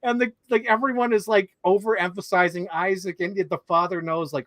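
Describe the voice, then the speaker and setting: A young man co-hosting a casual movie chat, rambling and swearing, quick to laugh. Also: sits high, fairly even intonation, fairly bright tone, dry recording. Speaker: podcast co-host.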